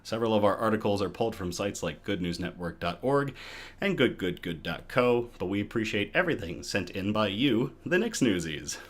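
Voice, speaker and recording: A man hosting a casual live good-news stream from his home, talking in a chatty, animated way with self-deprecating asides. His voice sits fairly low, yet its pitch swings widely, and he sounds a little out of breath. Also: fairly quick. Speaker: host.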